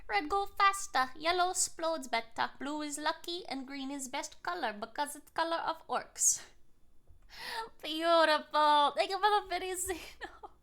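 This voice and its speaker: A woman's voice: high voice, moderate pace, few pauses, pushed and bright. A woman streamer chatting casually with her viewers, playful and cutesy, slipping into baby talk. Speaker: streamer reacting to videos. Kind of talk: casual live-stream chat.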